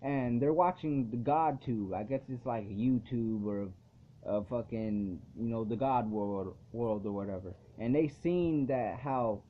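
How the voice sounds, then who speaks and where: A man's voice: mid-range voice, measured pace, a little hiss or hum. A man giving a casual, rambling recap of an anime episode as a reviewer. He leans hard on "like" as a filler and swears freely. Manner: rambling, heavy use of "like" fillers, frequent swearing. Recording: tinny phone-like audio.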